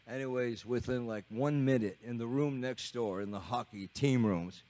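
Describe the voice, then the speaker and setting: A man's voice: medium pitch, normal speed, few pauses, dark tone. A man in his seventies from Canada, a rock drummer telling a rambling, chuckling story on stage at a live studio concert. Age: 70s. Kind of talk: storytelling on stage between songs.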